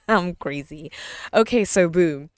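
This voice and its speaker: A young woman talks through her solo podcast in a bubbly, chatty way, laughing easily and doubling up words for emphasis. Her voice sits a little low for a woman. The sound is dry and close, with no room around it. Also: no echo. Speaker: podcast host. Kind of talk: casual solo podcast chat.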